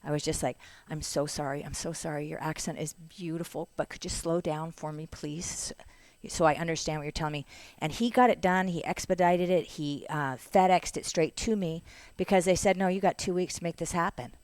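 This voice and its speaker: Low-voiced woman telling a story. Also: a little fast, no echo. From Canada. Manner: animated storyteller, acts out voices. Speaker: podcast guest. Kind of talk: casual chat.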